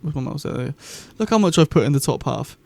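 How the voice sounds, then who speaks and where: A man's voice: fairly high pitch, lively intonation, fast talker, creaky, darkish tone, no echo. A young man, hosting a casual vlog review in a rambling, chatty, enthusiastic way. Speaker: YouTube host.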